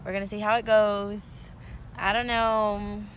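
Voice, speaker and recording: A woman's voice: medium pitch, level tone, unhurried, a bit bright, slight background noise. A woman vlogging in a casual, giggly way, rambling with lots of "like". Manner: giggly, rambling, says "like" a lot. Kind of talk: casual vlog chat.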